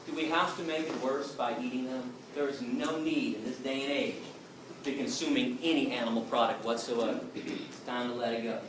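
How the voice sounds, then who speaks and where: Recorded from a distance in a large, echoey hall with a lot of noise, a man answers audience questions during a public Q and A. His medium-pitched voice stays steady and moves a little fast, and he tells stories in an emphatic, plain-spoken way.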